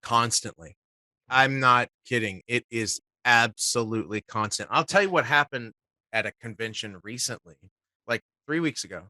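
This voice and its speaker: A man, a guest voice actor, telling animated stories in casual talk and swearing freely. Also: mid-range voice, normal speed, no room sound, clean studio sound. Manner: swears casually, acts out quotes. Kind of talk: animated storytelling.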